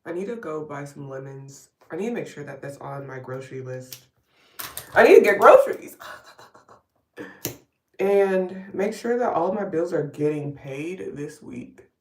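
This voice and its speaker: This woman's voice sits low, with vocal fry and a slightly mellow quality. She's a vlogger on a live get-ready stream at home, chatting and rambling with wry asides as she does her makeup. The recording sounds roomy and distant.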